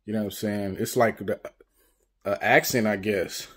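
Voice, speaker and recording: A man's voice: on the low side, fairly even intonation, moderate pace, breathy edge. A man from Northern California talking casually to camera on his vlog, loose and rambling, with lots of "you know" and restarts. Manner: loose, rambling, full of "you know what I'm saying". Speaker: YouTube vlogger. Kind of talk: casual storytelling monologue.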